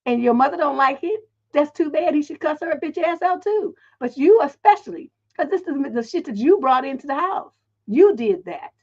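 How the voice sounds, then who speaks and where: A middle-aged woman hosting a relationship advice livestream, telling stories in a blunt, profane, animated way. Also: high-pitched, highs cut off.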